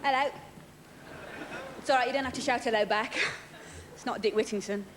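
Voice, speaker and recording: A woman with a high voice delivers a stand-up routine in a dry, self-mocking way. She is on a big theatre stage, and a full house murmurs and laughs behind her. The old broadcast sound carries a steady layer of noise. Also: fairly quick, over a noisy crowd. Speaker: comedian. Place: large theatre stage with live audience. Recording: noisy 1980s television broadcast with audience.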